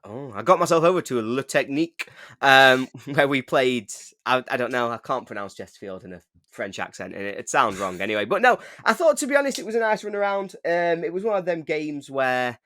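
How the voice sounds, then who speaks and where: A man's voice: medium pitch, sing-song, fairly quick, bright, forceful tone, dry recording, clean studio sound. An English man co-hosting a football podcast, chatting in a jokey way with mock-indignant rants. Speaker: podcast co-host. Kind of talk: casual chat.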